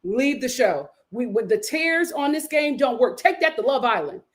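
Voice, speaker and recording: A young woman with a high, bright-sounding voice talks through a reality episode live, sassy and emphatic. She slips into the cast members' words as she retells each scene. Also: lively intonation, normal speed, slight background noise. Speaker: reality show reviewer. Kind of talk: live recap commentary.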